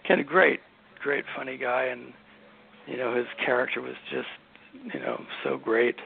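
An older man, a sitcom writer and producer, telling relaxed anecdotes in an interview, with many ums and you-knows. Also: medium pitch, normal speed, vocal fry, slight background noise. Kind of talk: casual interview storytelling. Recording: phone-like narrow audio.

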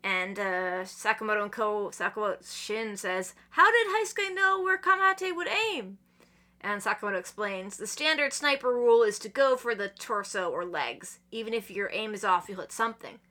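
Lively, bright-voiced young woman. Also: mid-range voice, moderate pace. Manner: animated retelling with acted-out character lines and frequent laughs. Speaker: podcast guest. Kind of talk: casual chat recapping manga chapters.

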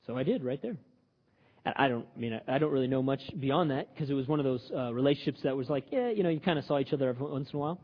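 A man preaching a sermon in a lively, joking, conversational way. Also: mid-range voice, racing. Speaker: pastor. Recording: dull audio with long hall reverb.

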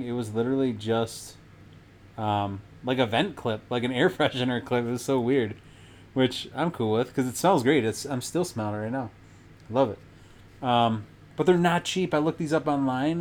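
A man's voice: mid-range voice, a little mellow, slight background noise. Laid-back young man telling a story. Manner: laid-back, swears freely, many fillers. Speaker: podcast host. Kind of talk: casual storytelling monologue.

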